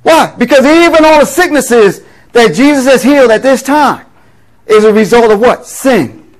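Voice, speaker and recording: Captured in a low-quality recording, a pastor with a very high, expressive male voice teaches conversationally from scripture. He reads passages aloud, unpacks them, and frequently checks in with brief rhetorical questions.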